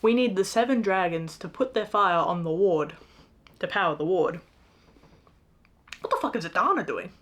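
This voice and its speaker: Young woman, book review rant, sarcastic, exasperated, swears, laughs, mid pitch. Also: animated, normal speed, pauses often. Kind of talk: casual ranting book review.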